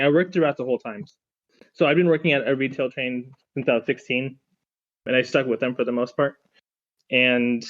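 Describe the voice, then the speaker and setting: A young man chats casually and rambles through a long personal story, full of "like" and false starts. His voice sits at an ordinary pitch, and the audio is a little dull and lo-fi. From Phoenix, Arizona. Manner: rambling, filler-heavy storytelling with many restarts. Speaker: podcast panelist, pharmacist.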